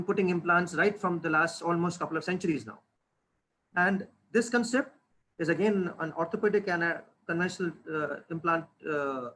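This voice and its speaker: High-voiced man lecturing earnestly. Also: a little hiss or hum, low-quality recording. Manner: earnest, with frequent restarts and emphasis. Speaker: dentist presenting a webinar. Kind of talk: lecture presentation. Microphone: webinar computer microphone.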